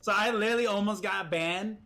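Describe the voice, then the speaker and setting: A man's voice: high-pitched, a little fast, sharp tone. A young man streaming, casually telling stories about friends, swearing and laughing, acting out what they said. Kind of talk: casual storytelling chat.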